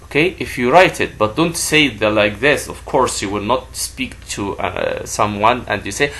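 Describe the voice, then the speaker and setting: A male teacher walks young pupils through a grammar lesson. He talks slowly and repeats words so a child can say them back. His pitch swings up and down a lot, and his voice sits in the middle of the male range. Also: animated, fairly bright tone, husky.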